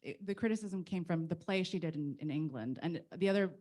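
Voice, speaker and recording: A woman's voice: fairly low pitch, fairly quick, warm tone. A woman speaking as an author on a panel, explaining her point conversationally and quoting others. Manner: explains with quoted voices, conversational. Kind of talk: panel discussion.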